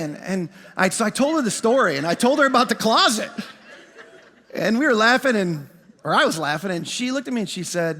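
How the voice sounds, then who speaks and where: High-voiced animated pastor in a reverberant hall. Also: male voice. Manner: animated, self-mocking storytelling with quick shifts to quiet reflection. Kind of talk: sermon storytelling. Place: large church auditorium.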